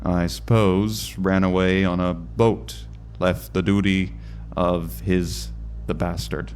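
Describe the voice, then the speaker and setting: A man voicing an old-timey, gruff male boatman with a put-on Irish accent and slow, drawn-out delivery. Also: sits low, little pitch movement, a little mellow, slight background noise.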